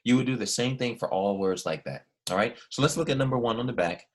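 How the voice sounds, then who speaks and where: A man teaching a recorded language lesson, explaining patiently step by step and asking his students questions. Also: medium pitch. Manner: slow, careful dictation with each word repeated.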